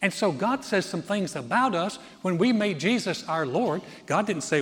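A man's voice: high-pitched, expressive, normal speed, hardly any pauses. A man in his sixties preaching a sermon, emphatic, building through rising lists and telling stories with humorous asides. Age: 60s. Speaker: pastor. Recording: long hall reverb.

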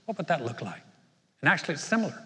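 A middle-aged man preaching a sermon in a casual, joking way, his voice sitting a little high for a man. The sound carries a long reverb from a large church hall. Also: sing-song, very fast, bright, forceful tone. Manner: conversational, self-deprecating humor with the congregation. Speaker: pastor. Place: church sanctuary.

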